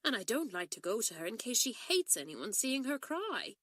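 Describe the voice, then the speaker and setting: A woman voicing a kind, practical schoolgirl, speaking gently and briskly. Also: a little high, sing-song, dry recording, clean studio sound, voice pushed up. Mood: concerned.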